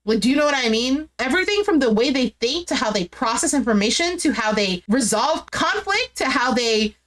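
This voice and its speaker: A woman's voice: high-pitched, animated, a little fast, a bit bright. A woman casually recapping a reality show, chatty and slangy, exasperated and emphatic as she talks. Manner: chatty and slangy, says "bro" and "like" a lot. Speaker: recap vlogger.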